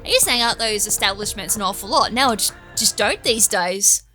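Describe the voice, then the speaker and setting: A woman's voice: mid-range voice, animated, brisk, bright, forceful tone, faint music behind. A young Australian woman giving rambling, self-deprecating let's-play commentary as a gaming YouTuber.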